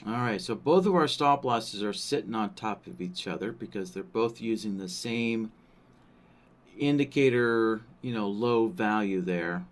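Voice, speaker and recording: Slow, thinking-aloud male workshop presenter. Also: lowish voice. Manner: thinks aloud, frequent "right?" check-ins. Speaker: trading software workshop presenter. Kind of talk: live screen-share software walkthrough.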